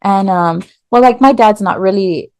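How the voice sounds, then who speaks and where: A woman's voice: mid-range voice, normal speed, a little mellow, no echo. A woman in her thirties from Texas, candidly telling her life story as a podcast guest, with lots of filler words. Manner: chatty, many "like" fillers.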